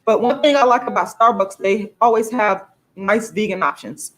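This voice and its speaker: A woman's voice: mid-range voice, moderate pace, a bit bright. A woman, talking casually and emphatically to her viewers in a livestream vlog. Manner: chatty, emphatic, addresses viewers as y'all. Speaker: vlogger.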